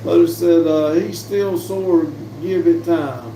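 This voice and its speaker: Gravelly man reading chat. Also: fairly high pitch, takes it slowly, a little hiss or hum. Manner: relaxed, chatty, laughs easily. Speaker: livestream host. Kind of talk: casual live stream, reading viewer chat aloud. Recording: roomy sound from a distant mic.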